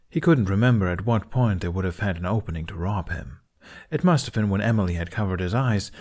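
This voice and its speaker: A man reading a fan story aloud, narrating calmly and evenly. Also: lowish voice. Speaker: podfic reader.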